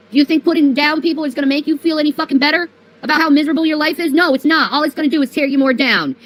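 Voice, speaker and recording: Woman with a high voice ranting on her stream, swears a lot, mocks and repeats stuff. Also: fairly bright tone, slight background noise, poor audio. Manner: profane, mocking, repeats herself. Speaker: livestreamer. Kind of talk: angry ranting livestream.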